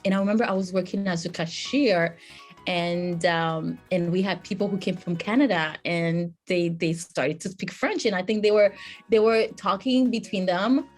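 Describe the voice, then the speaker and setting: A woman hosting an interview, telling a story in an animated way and laughing a lot. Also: on the low side, moderate pace, faint music behind. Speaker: interview host. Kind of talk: casual interview conversation.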